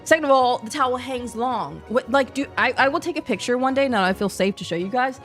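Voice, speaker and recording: A woman streamer chats casually in slang. Her talk is animated and jumps from topic to topic. Faint music plays underneath. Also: high-pitched, fast. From New Zealand. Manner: chatty, slangy, animated, jumpy. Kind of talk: casual chat.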